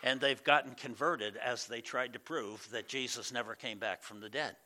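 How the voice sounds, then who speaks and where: A man's voice: mid-range voice, moderate pace, sharp tone. A male pastor giving a conversational sermon, with many fillers and acted-out quoted voices. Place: church.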